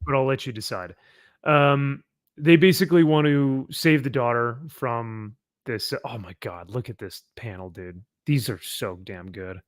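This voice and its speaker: A man's voice: medium pitch, unhurried, no room sound, studio quality. A man hosting a casual chat, rambling as he sums up a comic and laughing along. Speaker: podcast host.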